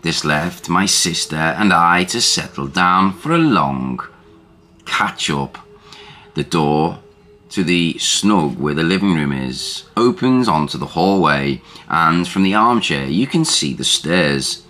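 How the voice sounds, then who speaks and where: A man narrating a first-person ghost story as a scripted reading, in a measured, deliberate way. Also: low voice, lively intonation, bright, forceful tone.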